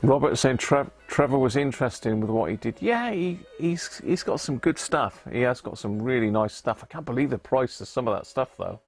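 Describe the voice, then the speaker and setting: A man's voice: mid-range voice, expressive, moderate pace, creaky, few pauses, faint music behind. A man from Britain hosting a casual live stream, chatting away, often laughing and thanking viewers. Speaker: livestream host.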